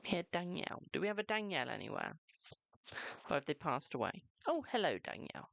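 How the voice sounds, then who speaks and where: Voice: mid-range voice, very animated, brisk, vocal fry, fairly bright tone, dry recording. A live-stream host doing tarot readings in a chatty, reassuring way, calling viewers "my darling" and leaning on "okay" between lines. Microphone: close microphone.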